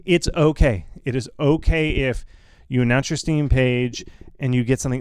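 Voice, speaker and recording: A man hosting a casual live Q&A, blunt and reassuring, often repeating himself with quick asides. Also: medium pitch, darkish tone, smooth, no echo. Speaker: host answering viewer questions.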